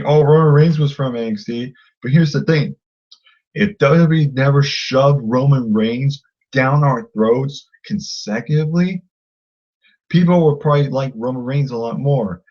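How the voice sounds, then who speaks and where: A man's voice: medium pitch, lo-fi sound. A man ranting angrily at a critic, combative and insulting, often repeating himself. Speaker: vlogger. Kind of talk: angry rant to camera.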